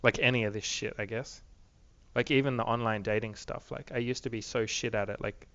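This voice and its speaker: A young man talks straight into his camera in a loose, rambling video diary, swearing freely and leaning on "like" as a filler. His voice is bright and forceful, and the close, dry recording sounds a little dull and lo-fi. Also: mid-range voice, steady tone, a little fast, no room sound. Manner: rambling, profane, many "like" fillers. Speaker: vlogger. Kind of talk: casual video diary rant.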